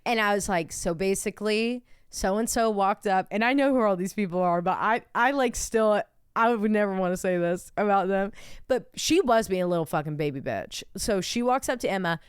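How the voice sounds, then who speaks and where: Young woman cohost on a podcast, smooth clear voice, laughs a lot, swears, chatty storytelling. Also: mid-range voice, animated, a little fast, no echo, studio quality. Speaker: podcast co-host. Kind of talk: casual chat.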